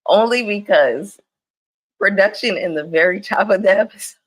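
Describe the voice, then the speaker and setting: A young woman giving casual, animated livestream commentary on a reality show, laughing often. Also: medium pitch, moderate pace. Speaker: reality TV recap streamer.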